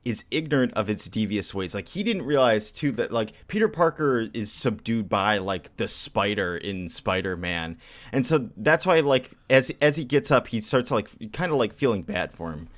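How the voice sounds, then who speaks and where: A man's voice: on the low side, lively intonation, normal speed, a bit bright. A man co-hosting a podcast, talking enthusiastically about a comic story with lots of casual fillers. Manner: enthusiastic, many likes and fillers. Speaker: podcast co-host. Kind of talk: casual comic book discussion.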